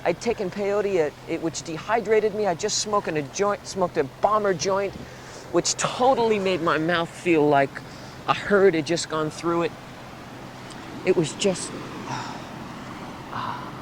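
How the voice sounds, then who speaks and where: A young man telling a story in a casual interview, lively and acting out the voices he quotes. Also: high-pitched, measured pace. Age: 20s. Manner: animated, laughs often, acts out quoted voices. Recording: 1970s tape with background noise.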